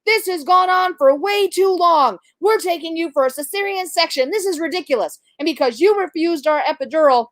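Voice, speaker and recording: A woman voicing a brusque, impatient female doctor who shouts and scolds. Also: on the high side, normal speed, few pauses, dry recording, clean studio sound, natural voice. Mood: scolding.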